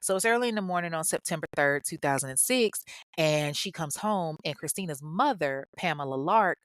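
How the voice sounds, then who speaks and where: A woman's voice: low-pitched, expressive, a little fast, no room sound, studio quality. A woman hosting a true crime show, retelling a case in a conversational way full of asides. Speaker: host.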